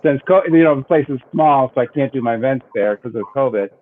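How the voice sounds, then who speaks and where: An older man hosts a live psychic show, greeting a caller over video in casual live-stream chat, talkative and repeating himself. His voice sits in the mid-range and moves fairly quickly. The call audio is tinny and phone-like with faint noise.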